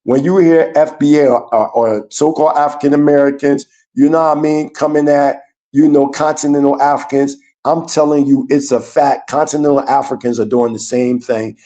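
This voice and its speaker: Male guest, casual livestream talk, mellow tone, slightly high, earnest and rambling. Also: steady tone, normal speed, muffled recording. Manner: earnest, rambling, searching for words.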